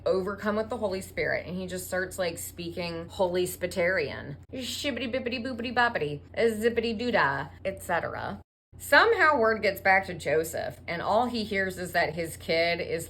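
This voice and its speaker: A woman retelling a religious story as profane, sarcastic comedy with deadpan asides. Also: lowish voice, normal speed, hardly any pauses, slight background noise. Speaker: comedic storyteller and drag performer.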